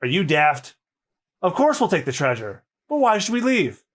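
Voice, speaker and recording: A man voicing a gruff, scornful male pirate crewman. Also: high voice, huge pitch swings, normal speed, fairly bright tone, pitched below the performer's own voice, full character voice.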